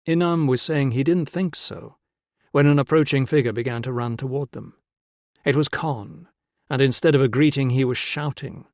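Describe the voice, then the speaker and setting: A man reading an audiobook in a measured, even storytelling voice at a middle pitch. The studio sound is close and very dry, with no room in it. He reads steadily and keeps the story moving. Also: no echo. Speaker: audiobook narrator. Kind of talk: scripted narration.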